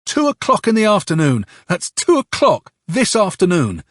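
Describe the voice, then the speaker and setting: A man reading an audiobook, playing a hoarse, bitter young officer who tells his story with curses and sarcasm. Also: sits high, wildly swooping pitch, moderate pace, fairly bright tone, dry recording, studio quality, voice pushed up, full character voice. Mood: angry storytelling. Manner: angry, sardonic storytelling with curses. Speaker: audiobook narrator.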